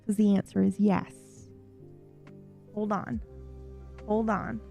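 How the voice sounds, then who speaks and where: A young woman streamer chatting casually, swearing freely and getting animated and giggly. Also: medium pitch, slow, vocal fry, faint music behind. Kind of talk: casual chat.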